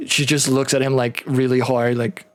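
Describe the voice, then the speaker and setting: A man running a tabletop role-playing game, narrating casually and haltingly. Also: medium pitch, flat delivery. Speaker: game master.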